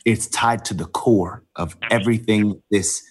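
Man on the verge of tears, halting. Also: fairly low pitch, husky. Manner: halting, many pauses and fillers, fighting back tears. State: emotional, close to tears. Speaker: interview guest. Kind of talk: emotional personal storytelling.

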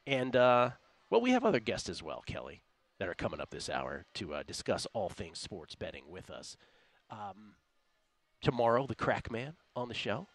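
A man's voice: on the low side, wildly swooping pitch, normal speed. A man hosting a sports betting radio show, chatting casually and laughing often. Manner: chatty, laughs often, reads listener tweets aloud.

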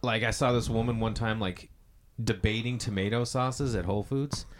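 A man in his forties, a comedian chatting casually and telling animated stories, acting out quoted people. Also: on the low side, normal speed, background noise. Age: 40s. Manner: chatty storyteller, acts out quoted voices. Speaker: comedian podcast host. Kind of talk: casual chat.

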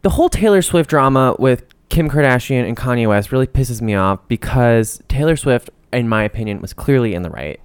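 A man's voice: mid-range voice, expressive, brisk, few pauses, smooth, no echo. A man chatting casually as a podcast co-host, rambling and heated, swearing when worked up. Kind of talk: casual chat about celebrity gossip.

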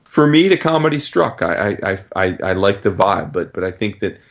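A man's voice: low voice, moderate pace, lo-fi sound. A man in casual chat, animatedly recapping a story and swearing freely. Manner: animated, acts out characters' lines in jumping voices, profane.

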